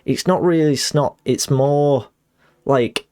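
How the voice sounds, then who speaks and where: A man's voice: medium pitch, slow pace, darkish tone, dry recording. A young man streaming a game, chatting in a rambling, self-conscious and apologetic way with giggly asides. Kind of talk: casual chat while streaming a game. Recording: dry close mic with faint music behind.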